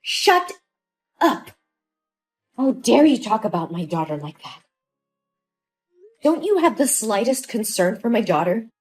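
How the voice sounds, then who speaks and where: A woman's voice: mid-range voice, very animated, moderate pace, long pauses, warm tone, soft background music, close to an everyday voice. A woman voicing a young mother who pleads in distress over her missing daughter, in a dramatized story. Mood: distraught.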